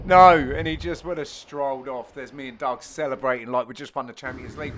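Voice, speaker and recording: A man giving jokey voice-over commentary on his own amateur match, teasing his friends with sudden loud exclamations. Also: a little high, normal speed, few pauses, a crowd in the background. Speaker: player and commentator.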